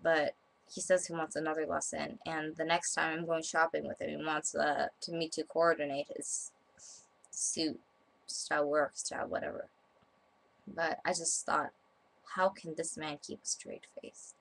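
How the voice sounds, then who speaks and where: A woman's voice: low-pitched, level tone, moderate pace, creaky, fairly bright tone. A young woman from Japan telling a story to camera, rambling with many fillers and restarts. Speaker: vlogger.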